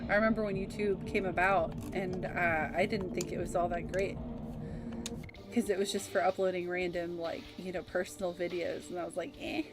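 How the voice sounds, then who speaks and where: A woman's voice: on the low side, steady tone, normal speed. A woman in her thirties streaming a video game, chatting and reminiscing casually and laughing easily. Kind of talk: casual gaming stream chat. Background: game music.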